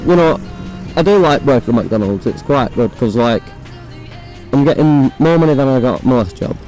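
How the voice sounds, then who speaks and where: A young man with a hoarse, croaky voice, chatting casually and swearing while riding a motorbike, recorded on a phone inside his helmet. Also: mid-range voice, expressive, normal speed, a little mellow, faint music behind, low-quality recording. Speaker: motovlogger. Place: on a motorbike on city roads.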